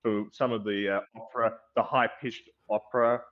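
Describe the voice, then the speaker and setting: A man's voice: lowish voice, steady tone, moderate pace, dull audio. A man chatting casually on a podcast, rambling and swearing as he goes. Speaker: podcast co-host. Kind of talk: casual chat.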